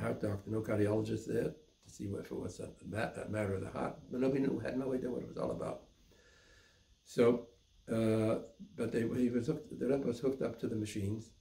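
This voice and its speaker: An older man, a rabbi, tells his memories in a low, gravelly voice. He pauses and repeats words as he goes. A roomy echo surrounds him. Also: warm tone. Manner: halting, repeats words while searching for them. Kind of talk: recounting personal memories.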